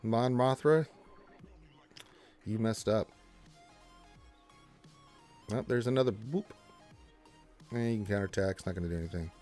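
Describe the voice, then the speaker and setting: A man hosting a casual gaming livestream from home on a close desk mic, chatty and excitable, talking to himself as he plays. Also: lowish voice, unhurried, long pauses, soft background music. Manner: excitable, chatty, talks to himself while playing. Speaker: livestream host.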